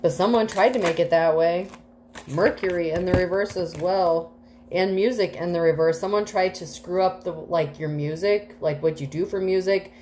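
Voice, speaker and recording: A woman's voice: fairly low pitch, normal speed, darkish tone, a little hiss or hum. Rambling, emotional woman reading tarot. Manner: rambling, emotional, swears freely, many fillers. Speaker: tarot reader. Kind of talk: casual tarot reading to camera.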